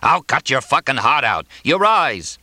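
A man voicing a bitter, hot-tempered older ex-boxer who yells in a shrill, explosive voice. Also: very animated, measured pace, no echo, full character voice. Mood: raging.

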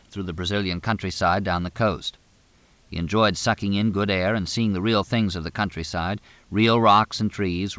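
Low-voiced male audiobook narrator. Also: a bit bright, dry recording. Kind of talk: scripted narration.

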